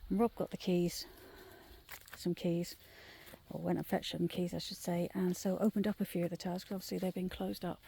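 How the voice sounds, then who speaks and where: A middle-aged woman casually telling ghost stories on a night walk through the woods, often dropping into a hushed whisper. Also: fairly low pitch, little pitch movement, fairly quick, vocal fry, husky. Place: woodland trail outdoors at night.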